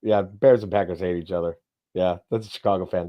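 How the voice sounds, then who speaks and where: A laid-back man chats as a co-host, livening up when he explains something. His voice sits low and the sound is a bit dull and lo-fi. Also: fairly even intonation, fast talker, no room sound. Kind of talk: casual chat show.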